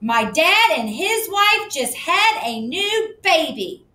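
A woman's voice: very high-pitched, very animated, slow pace, pushed and bright, echoey room, voice pushed up, exaggerated voice. Woman doing a snooty, indignant schoolgirl. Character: snooty young schoolgirl, quick to anger. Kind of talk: audiobook reading.

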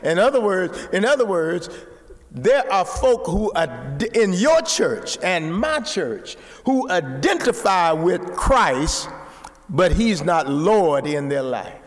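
A man preaching a sermon, repeating words and rising to shouts. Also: high voice, very animated, slow pace, in a large hall. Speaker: pastor.

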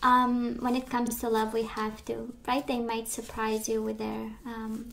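Woman, tarot reader, slightly high voice, hoarse from losing her voice, soft and reassuring, faint noise behind. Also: monotone, unhurried. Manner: gentle, reassuring, with frequent fillers. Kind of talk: tarot reading to camera.

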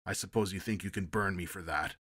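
A man voicing a stern ship's captain who speaks gruffly and defensively. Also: deep voice, a little fast, fairly bright tone.

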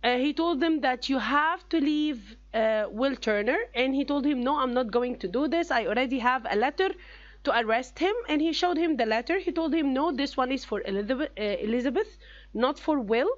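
A woman teacher with an Egyptian accent walks her class through a story, stopping often with fillers as she retells it. Her voice sits fairly high. The recording is a little dull and lo-fi. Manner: explains step by step with many pauses and fillers. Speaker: English teacher. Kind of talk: classroom reading lesson.

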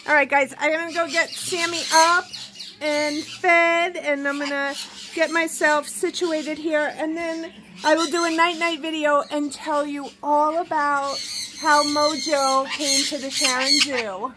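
A woman's voice: high voice, little pitch movement, unhurried. A woman giving a casual vlog tour of her pet birds at home, talking to them in cooing baby talk. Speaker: pet owner vlogger. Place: indoor bird room at home. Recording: loud bird squawks and noise behind. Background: birds chirping and squawking.

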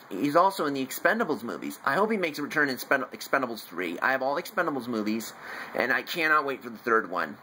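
A young man, in his teens, reviewing a movie at home in a rambling, excitable way, talking in bursts. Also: mid-range voice, poor audio. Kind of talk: casual home video review. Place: room at home, family in the house. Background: faint TV noise from downstairs.

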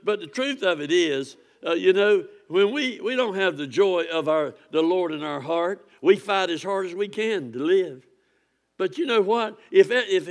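A man pastor, preaching a sermon with impassioned swings from near-shouts to hushed warnings. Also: high-pitched.

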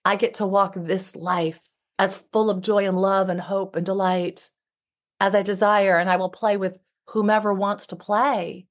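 A woman's voice: medium pitch, fairly even intonation, unhurried. A middle-aged woman, a relationship expert and author, speaking heartfelt and emphatic as a podcast guest. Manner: heartfelt, emphatic, repetitive phrasing. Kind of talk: podcast interview.

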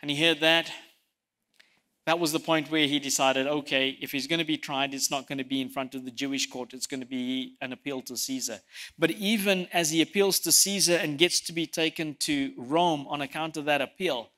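A man preaching a sermon, telling stories and swinging from loud emphasis to soft, quiet lines, sometimes repeating words as he presses a point. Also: fairly high pitch, fairly even intonation, normal speed. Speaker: pastor.

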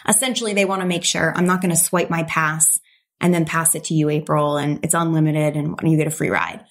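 A woman's voice: sits low, steady tone, brisk. A middle-aged woman as a podcast guest, telling a personal story with animation and acting out the voices of the people in it. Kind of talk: storytelling in an interview.

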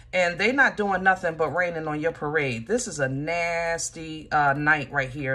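A woman giving a casual tarot reading, animated and joking, talking straight to the listener with lots of fillers. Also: on the low side. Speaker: tarot reader.

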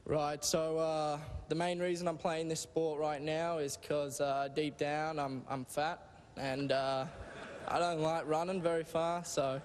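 A young man with an Australian accent, a college punter speaking haltingly and self-deprecatingly with many pauses. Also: fairly high pitch, level tone, slight background noise. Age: young adult. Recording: echoey hall with room ambience.

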